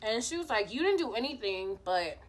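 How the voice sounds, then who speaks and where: A woman's voice: a little high, big pitch swings, a little fast. A young woman vlogger telling a personal story in casual chat, acting out the quotes and swearing freely. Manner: chatty, acts out quotes, swears.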